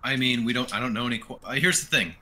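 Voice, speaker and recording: Very bright-voiced man explaining haltingly. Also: mid-range voice, fairly even intonation. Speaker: player. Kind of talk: casual chat at a game table.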